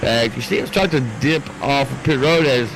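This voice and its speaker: A man doing live play-by-play commentary for a sim racing league, rambling and excitable, talking to his producer on air. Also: mid-range voice, brisk, background noise.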